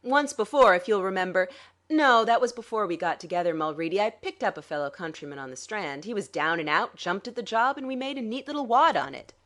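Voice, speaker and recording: A woman narrating a dramatic audiobook takes on a smug, scheming male con man, cool, dry and condescending. She speaks briskly at a medium pitch, close to her everyday voice, while her delivery rises and falls with lively sarcasm.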